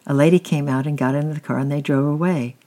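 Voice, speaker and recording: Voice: medium pitch, fairly even intonation, quick pace, dark tone, lightly acted. A reader doing a sullen young boy. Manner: muttering, sullen. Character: young schoolboy, sullen and evasive.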